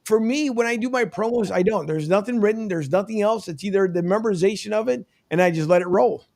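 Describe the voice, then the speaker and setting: Casting: male radio host, high voice with gravel, loose and chatty. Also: fast talker, darkish tone. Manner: chatty, laughs easily, restarts often. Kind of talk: casual radio talk.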